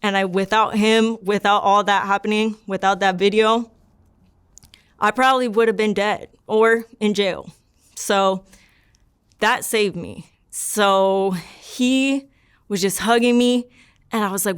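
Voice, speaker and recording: A young woman in an interview, earnestly recounting a personal story in a rambling, soft-spoken way with lots of "like". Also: mid-range voice, steady tone, a little slow, clear, resonant tone. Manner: rambling and earnest, leans heavily on "like". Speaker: interview subject.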